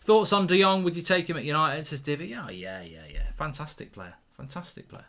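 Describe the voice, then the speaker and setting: A man hosting a live football watchalong, reacting excitedly to chances and reading out viewer questions. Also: on the high side, brisk. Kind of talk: live match commentary and chat with viewers.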